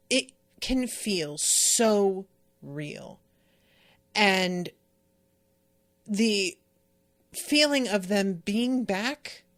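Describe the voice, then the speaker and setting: A woman's voice: medium pitch, fairly bright tone. A woman hosting a podcast, chatting casually about a book in a candid, emotional, rambling way, full of fillers. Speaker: podcast host. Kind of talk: casual book-discussion chat.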